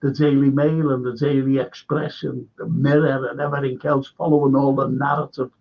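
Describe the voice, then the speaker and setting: A male guest in a casual livestream chat, ranting fast and repeating himself. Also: medium pitch, flat delivery, gravelly, dull audio.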